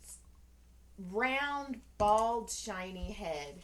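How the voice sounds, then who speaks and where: Woman cohost rambling thru a story, voices everybody in it, bright clear tone. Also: medium pitch, drawn-out words. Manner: animated storyteller acting out conversations. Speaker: podcast co-host. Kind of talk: casual chat.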